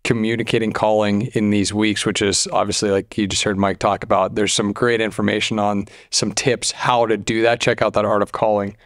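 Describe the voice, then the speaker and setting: A man's voice: lowish voice, level tone, a little fast, hardly any pauses, dry recording, studio quality. A man co-hosting a podcast, casually plugging a video series with a few ums. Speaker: podcast co-host. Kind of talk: casual chat.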